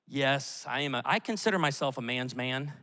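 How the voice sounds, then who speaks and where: A middle-aged male pastor preaching a sermon, telling stories in an animated way with quick asides. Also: mid-range voice. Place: church auditorium. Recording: echoey hall with long reverb.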